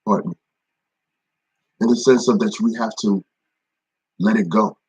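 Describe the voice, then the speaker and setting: A man's voice: on the low side, fairly even intonation, measured pace, a little mellow, slightly rough, low-quality recording. A young man leading an informal devotional talk, speaking conversationally, repeating phrases for emphasis and greeting viewers by name. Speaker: ministry devotion leader.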